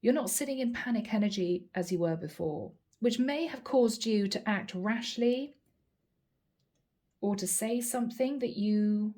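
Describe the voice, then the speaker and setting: A woman giving a channeled tarot reading, speaking calmly and reassuringly, addressing the listener directly and repeating key phrases. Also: medium pitch, a little slow. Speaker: tarot reader.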